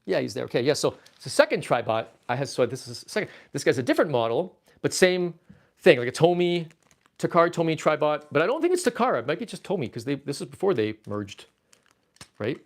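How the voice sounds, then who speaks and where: A man's voice: on the high side, fast talker. A man from Canada hosting a casual livestream, reading viewer chat aloud and rambling playfully as he packs up his collection. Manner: rambling, playful, easily excited. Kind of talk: casual livestream chat while packing toys.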